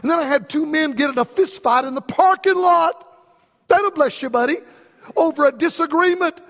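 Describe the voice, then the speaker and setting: A man preaches to his church congregation. His voice sits very high, and he spins folksy stories while calling questions out to the crowd. A long reverb from the sanctuary trails behind every line. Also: moderate pace, gravelly, fairly bright tone. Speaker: pastor. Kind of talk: sermon.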